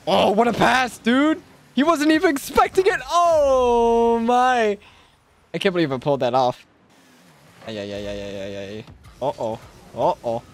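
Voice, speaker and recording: A young man streaming a car-soccer game, joking and trash-talking, then shouting and squealing at big plays. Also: sits high, lively intonation, fairly quick. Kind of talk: live gaming commentary.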